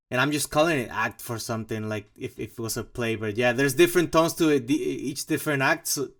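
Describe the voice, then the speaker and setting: A man's voice: medium pitch, fairly bright tone. A man hosting a casual walkthrough vlog about his own music, rambling and joking with many fillers and mock asides. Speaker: composer and channel host.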